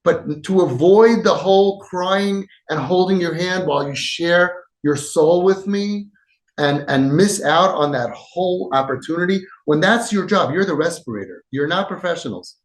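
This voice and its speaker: Male podcast host, slightly high voice, emphatic advice talk, echoey room. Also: moderate pace. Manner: emphatic, acts out quoted dialogue, swings between loud and soft.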